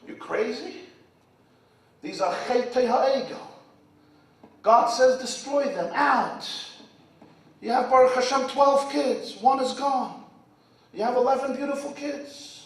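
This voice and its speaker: A rabbi giving an impassioned sermon at an event, swinging from shouts to near-whispers and using Hebrew and Yiddish terms. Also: male voice, very high voice, unhurried. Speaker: rabbi and speaker. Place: event hall. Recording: echoey hall from far off.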